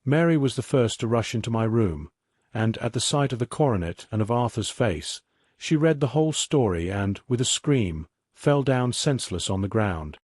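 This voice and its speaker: Male narrator, sleep story audiobook, mid-range voice, dry close mic, measured reading. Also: medium pitch, animated, darkish tone, slightly rough, dry recording.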